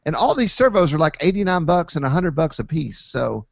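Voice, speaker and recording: Male host, easygoing rambling banter, raised pitch; dry, muffled lo-fi sound. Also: big pitch swings, fairly quick, gravelly, no echo. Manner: joking, rambling, many fillers. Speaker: podcast host. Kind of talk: casual chat. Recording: dull lo-fi dry recording.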